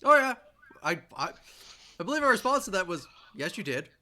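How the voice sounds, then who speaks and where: A man's voice: high voice, big pitch swings, fairly quick, pushed and bright. A man playing in a tabletop game over a call, casually summing up the group's plans. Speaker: player.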